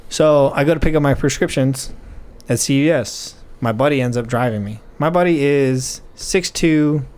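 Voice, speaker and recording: A man, co-hosting a podcast and telling a story in an animated, profane way, full of "like" and "right?". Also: medium pitch, moderate pace, clear, resonant tone. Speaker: podcast co-host. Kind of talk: casual storytelling chat.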